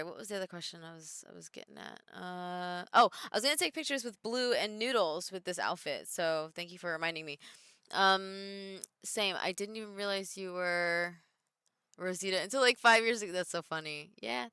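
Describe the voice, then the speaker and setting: A woman in her thirties chats on a live stream, answering viewer comments as they come in. Her voice sits a little low yet sounds bright and crisp. The sound is close and dry, with no room around it. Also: moderate pace, no room sound. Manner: chatty, reads viewer comments aloud and answers them. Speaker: streamer and wrestler. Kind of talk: casual live-stream chat.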